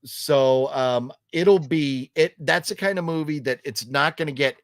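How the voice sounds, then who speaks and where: A middle-aged man chats casually and with opinions on his vlog, at a middle pitch for a man. He drifts off mid-sentence and acts out the lines he quotes. The sound is close and dry, with no room echo. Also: measured pace. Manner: rambling, full of ums and restarts; acts out quoted lines while telling a story. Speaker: vlog host reviewing a horror movie trailer.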